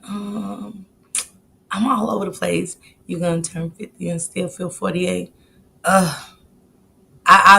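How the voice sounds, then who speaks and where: A woman's voice: fairly low pitch, creaky, a bit bright. A woman in her late forties hosting a live stream, chatting casually and greeting viewers by name. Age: 40s. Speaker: livestream host.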